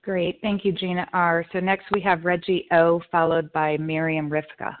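A woman leads a phone meeting and calls out the speaking order in a friendly, slightly hurried way. Her voice is lowish and comes through a thin phone line. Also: flat delivery. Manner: friendly, organizing, a little hurried. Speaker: meeting leader.

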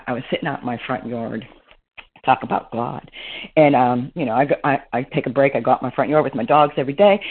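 Husky woman on a phone line. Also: rumbling low. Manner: rambling, heartfelt, heavy on fillers. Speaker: meeting member sharing. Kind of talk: personal share on a recovery call.

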